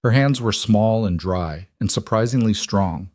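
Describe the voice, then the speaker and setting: Low-voiced man narrating a story. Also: unhurried, few pauses, a little mellow, dry recording, studio quality.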